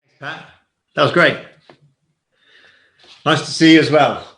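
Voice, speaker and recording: A man's voice: a little high, a little slow, a bit bright, echoey room. A man hosting a church livestream, friendly and joking, often restarting his sentences. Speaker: church service host.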